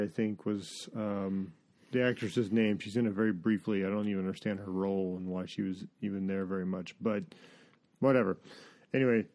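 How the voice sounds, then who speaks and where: Hosting a movie review podcast, a man talks through a film in a laid-back chat. His middle-pitched voice is warm and mellow, and he rambles with strong opinions, often stopping and restarting sentences.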